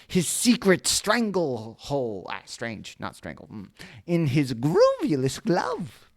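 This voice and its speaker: A woman reads a picture book aloud in a deep voice, taking her time over the lines. Her pitch leaps all over the place as she trips on silly made-up words, corrects herself and drops cheeky side comments. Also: wildly swooping pitch, slow. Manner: playful, self-interrupting, swears then apologizes. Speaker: storyteller. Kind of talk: reading a children's story aloud with joking asides.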